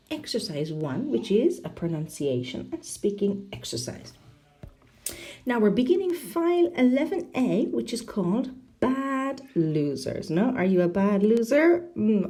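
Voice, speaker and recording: A woman teaching an English lesson, speaking slowly and clearly and asking her learners questions. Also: medium pitch, big pitch swings, mellow. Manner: slow, clear classroom delivery with questions to learners.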